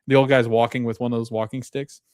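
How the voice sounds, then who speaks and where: A man hosting a podcast, chatting casually through a TV episode recap with animated retelling and frequent restarts. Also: mid-range voice, fast talker, dry recording, studio quality. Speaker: podcast host.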